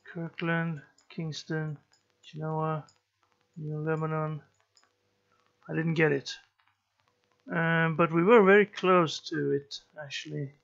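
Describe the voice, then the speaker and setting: A man giving slow let's play commentary, musing and thinking aloud as he plays. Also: a little high, level tone, creaky, fairly bright tone, muffled recording. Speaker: gameplay commentator.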